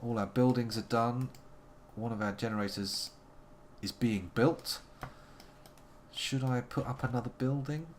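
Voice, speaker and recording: A man's voice: medium pitch, measured pace, a little hiss or hum. A man giving playful, wordy live commentary on a game he is playing, making theatrical asides to his chat. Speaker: live-streaming game player.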